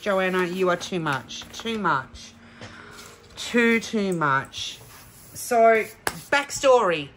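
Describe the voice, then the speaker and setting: A woman's voice: mid-range voice, a bit bright, a little hiss or hum. A woman chatting through a craft kit unboxing, gushing and emotional. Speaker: crafting vlogger. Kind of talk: casual unboxing chat.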